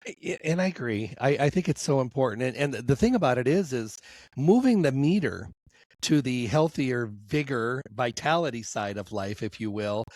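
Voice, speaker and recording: A man hosting a casual interview, telling stories in a lively way and acting out the people he quotes. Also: medium pitch, moderate pace, no room sound. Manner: animated storyteller, acts out quoted voices. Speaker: host.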